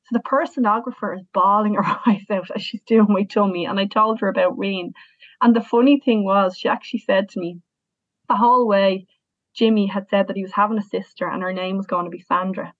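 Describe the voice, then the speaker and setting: A woman's voice: mid-range voice, steady tone, fairly quick, no room sound. Irish woman in her thirties, earnest personal storytelling, tinny phone-like audio, dry. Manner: earnest, emotional, with frequent restarts.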